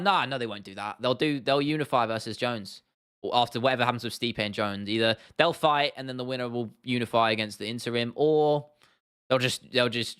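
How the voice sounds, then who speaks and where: Answering viewer comments on his casual MMA stream, a young man from southern England speaks in a smooth, medium-pitched voice with a fairly bright tone. He laughs often, chats freely, says things more than once, and calls chat "lad" and "bro."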